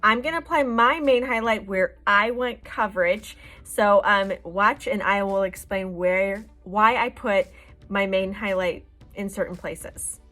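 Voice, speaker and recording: A woman's voice: mid-range voice, unhurried, pushed and bright. A woman hosting a makeup tutorial, explaining each step in a chatty, reassuring way. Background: faint background music.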